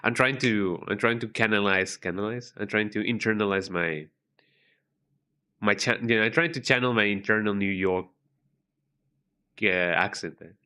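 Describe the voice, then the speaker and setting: A man's voice: lowish voice, normal speed, pauses often, pushed and bright, clear, resonant tone. A man chatting casually while streaming a video game, rambling with many restarts. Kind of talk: casual live-stream commentary. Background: game music.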